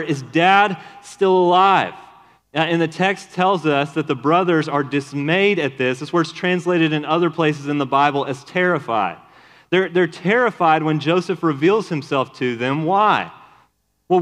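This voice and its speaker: A man giving a sermon, reading scripture aloud and then explaining it earnestly, growing animated as he retells the story. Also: fairly high pitch, long reverb tail. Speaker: pastor.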